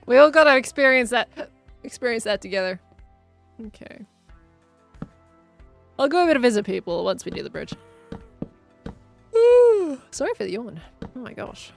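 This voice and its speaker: A woman's voice: fairly high pitch, expressive, brisk, creaky, pauses often, soft background music. A woman chatting casually on a gameplay livestream, reading viewer messages aloud and answering them as she plays. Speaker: streamer.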